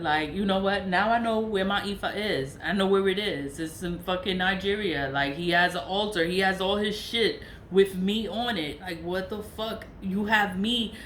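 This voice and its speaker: A woman talking straight to camera, venting hard and circling back over the same words with plenty of swearing. Her voice sits on the low side. The room echoes around her, and a faint ambience hums underneath. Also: a bit bright, slight background noise. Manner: venting, profane, repeats herself. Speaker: vlogger. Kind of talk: angry monologue to camera.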